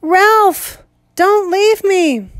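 A woman voicing a frightened, clingy young schoolboy who pleads in a high, quavering voice. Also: slow. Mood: pleading.

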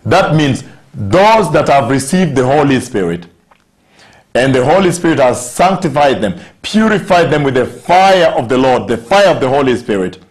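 A man preaching a sermon, stressing scripture words emphatically and slowing down on key phrases. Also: mid-range voice, very animated.

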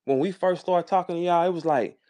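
Man with a St. Louis accent, battle rapper, bragging and cursing, pitched a bit high. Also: brisk, mellow. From St. Louis, USA. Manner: boastful, profane, preachy. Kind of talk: casual chat in a live audio room.

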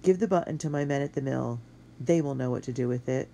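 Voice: mid-range voice, quick pace, creaky, mellow, slight background noise, lightly acted. A reader doing a weak, wounded young spy. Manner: weak, whispery.

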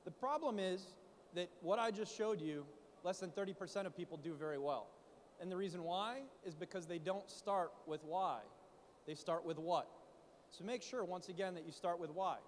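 A man speaking at a conference, coaching founders on pitching in an animated way, full of rhetorical questions. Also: moderate pace, long reverb tail, slight background noise. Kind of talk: startup pitch talk. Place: conference stage in a large hall. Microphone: handheld mic.

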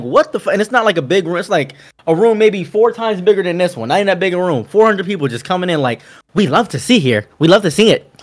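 Guy with a kinda high voice telling stories, doing little voices for everyone he quotes. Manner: animated storyteller, acting out the people he quotes. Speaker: content creator and convention panelist. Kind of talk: casual storytelling chat.

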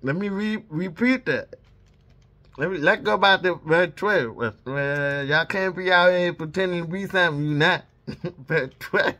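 A man's voice: high voice, unhurried, bright, forceful tone. A man reading scripture aloud, speaking every punctuation mark and breaking off for casual asides between verses. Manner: reads punctuation marks aloud. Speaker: Bible reader.

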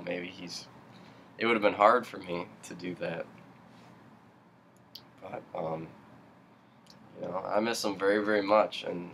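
A young musician talking about his record, halting and emotional, swearing as his anger rises. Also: deep voice, a bit bright, a little hiss or hum. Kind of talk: personal video talk.

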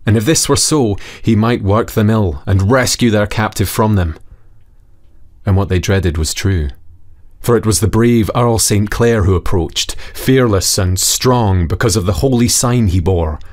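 A man reading a fairy tale aloud for children in a slow, measured, dramatic way. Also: on the low side, darkish tone. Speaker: storyteller.

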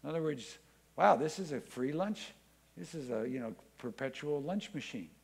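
A man's voice: a little high, animated, moderate pace, creaky, darkish tone, husky. A man preaching a sermon in church, reading scripture aloud and acting out the voices in it with emphasis. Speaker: pastor.

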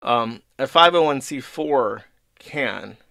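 A man's voice: medium pitch, animated, takes it slowly, creaky, pushed and bright, no echo. A man hosting a show, telling a story in an irritated, profane, sarcastic rant. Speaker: streamer host. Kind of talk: casual ranting monologue.

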